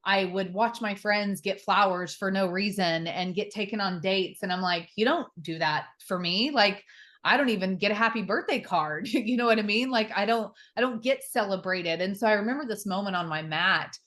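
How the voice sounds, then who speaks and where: A woman in her thirties, appearing as a guest on a podcast, tells her personal story with open emotion in a candid interview. Her mid-range voice is a bit bright and moves at a normal pace, scattered with fillers and the occasional swear word.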